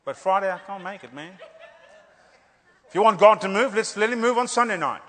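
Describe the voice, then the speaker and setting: A male preacher with a high, bright voice delivers an animated revival sermon, joking and hammering phrases through repetition. His words ring out with a long reverb in a church hall. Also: fairly quick.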